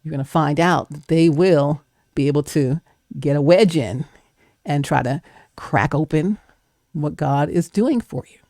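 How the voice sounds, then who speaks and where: Emphatic woman with a mellow voice. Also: sits low, unhurried, dry recording, clean studio sound. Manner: emphatic, preacher-like, acts out doubting inner voices. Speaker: guest speaker. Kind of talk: motivational faith talk.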